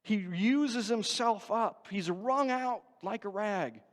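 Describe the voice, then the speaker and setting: A man preaching a sermon as pastor, animated, swinging between loud emphasis and hushed asides. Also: high voice, slow pace. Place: church sanctuary. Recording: church hall reverb.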